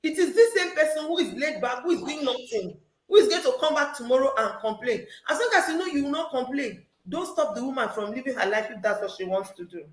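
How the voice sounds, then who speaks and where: Middle-aged woman giving relationship advice, kinda high voice, animated and preachy, echoey room. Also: fast talker. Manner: animated, preachy, acts out quotes with laughter. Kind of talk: casual advice chat.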